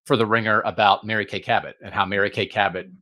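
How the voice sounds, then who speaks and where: A middle-aged man hosts a casual podcast chat. He tells stories with lively energy and jumps up and down in pitch when he quotes people. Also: fast talker. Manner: animated storyteller, acts out quotes with big pitch swings. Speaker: podcast host.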